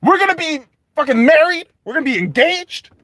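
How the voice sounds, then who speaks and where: A man putting on a high, giddy voice as a smitten, boastful young male hobbit, crude in his words. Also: animated, a little fast, sharp tone, no room sound, full character voice.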